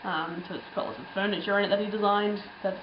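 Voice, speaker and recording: A woman's voice: mid-range voice, fairly even intonation, fast, reverberant, dull audio, background noise. Chatty young woman with lots of ums. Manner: rambling, chatty, frequent ums and laughs. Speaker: travel vlogger. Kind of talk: casual travel storytelling.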